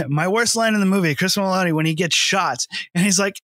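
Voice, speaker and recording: A man's voice: sits high, a little fast, fairly bright tone, no room sound. Laughing rambling man, dry sound. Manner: rambling, laughs often, many fillers and swearing. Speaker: podcast co-host. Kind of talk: casual film review chat.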